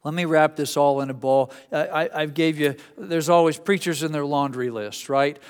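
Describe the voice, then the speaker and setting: A man's voice: on the high side, moderate pace, clean tone, long reverb tail. A male pastor preaching a sermon in a conversational, folksy way, often restarting his sentences. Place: church sanctuary.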